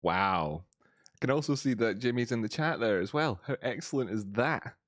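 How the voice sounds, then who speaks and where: A man's voice: medium pitch, expressive, normal speed, fairly bright tone, no echo. Man, voice-changer effect, chatty live-stream host, dry close sound. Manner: chatty, greets viewers, laughs often. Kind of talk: casual live-stream chat.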